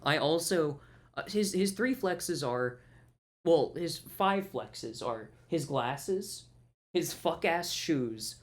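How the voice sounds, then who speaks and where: A man's voice: on the high side, animated, slow. A man co-hosting a podcast in casual chat, rambling and profane, often breaking into laughter. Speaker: podcast co-host.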